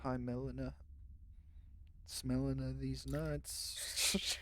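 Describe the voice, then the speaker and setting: A woman's voice: rumbling low, flat delivery, drawn-out words, a bit bright, a little hiss or hum. A woman streaming a video game live, joking and laughing with her chat. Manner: playful, laughing, jokey. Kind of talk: live gameplay commentary.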